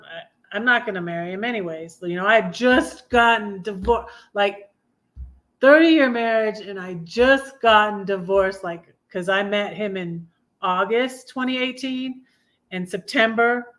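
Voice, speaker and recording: A woman's voice: medium pitch, a bit bright. A woman in her fifties hosting her own livestream, telling personal stories in a rambling, confiding way with frequent self-corrections. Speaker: livestream host. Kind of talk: casual personal storytelling.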